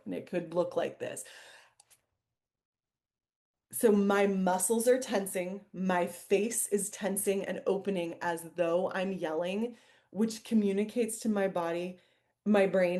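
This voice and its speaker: A woman's voice: medium pitch, measured pace, darkish tone. A woman somatic practitioner and coach leading a live online workshop over a video call, reading the chat aloud and laughing lightly as she guides reflection.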